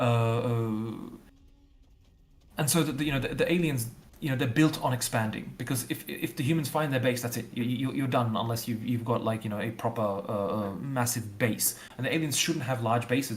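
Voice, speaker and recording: A game developer talks through his ideas on a casual livestream. He thinks out loud in long, loose runs, stacking up repeated fillers and restarts as he goes. His voice sits at an ordinary middle pitch for a man. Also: fairly quick.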